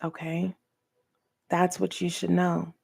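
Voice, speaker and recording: Gravelly-voiced woman giving a tarot reading. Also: fairly low pitch, completely flat delivery, darkish tone. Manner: earnest, preachy, speaks with pauses and direct address. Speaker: tarot reader. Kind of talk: spiritual tarot reading monologue.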